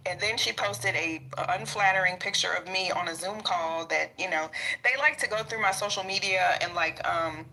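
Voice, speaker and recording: A blunt, sassy woman hosts a casual podcast and talks straight to her listeners. Her voice sits a little low but sounds very bright and sharp. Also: normal speed, a little hiss or hum, rough recording.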